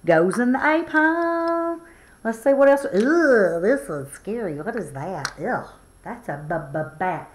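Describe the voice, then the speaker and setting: A woman's voice: medium pitch, fairly bright tone. A woman teaching a children's phonics lesson in a playful, encouraging, sing-song way.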